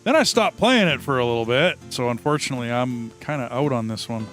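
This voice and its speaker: A man's voice: mid-range voice, lively intonation, fast talker, fairly bright tone, faint music behind. Tired male host, easygoing and musing, casual game-night banter on a headset. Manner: laid-back, musing aloud. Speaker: gaming channel host. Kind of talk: casual gaming chat.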